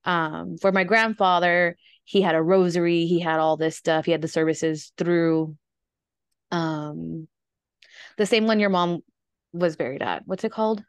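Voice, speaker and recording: A young woman talks casually on a podcast, winding through her thoughts with fillers and little nervous laughs. Her voice sits on the low side and comes across smooth and clear. The sound is dry and close, with no room around it. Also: steady tone, unhurried, no room sound. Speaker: podcast host. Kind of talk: casual conversation about grief.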